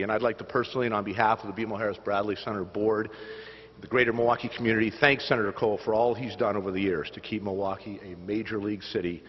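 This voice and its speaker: A man making announcements at a press conference, speaking with many pauses and filler words. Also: lowish voice, fairly even intonation. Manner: halting, filler-heavy delivery. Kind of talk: public announcement speech. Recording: dull news feed with hall reverb.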